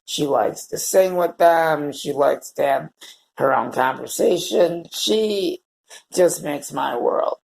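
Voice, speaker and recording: A man talking to the camera in a personal vlog, halting and heartfelt, often repeating words as he searches for what to say. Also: on the high side, vocal fry. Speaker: vlogger. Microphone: camera held or set facing away.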